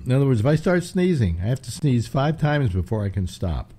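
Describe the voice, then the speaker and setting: A man's voice: mid-range voice, sing-song, brisk, dark tone, husky. An older man hosting a casual chat, rambling through stories with many restarts. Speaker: host.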